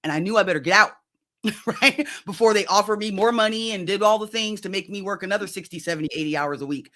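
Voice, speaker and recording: Woman in her 50s, coach guest, bright forceful voice, chatty storytelling, lots of "right?". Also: mid-range voice, quick pace. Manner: lively, conversational, keeps checking in with "right?". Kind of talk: personal story in an interview.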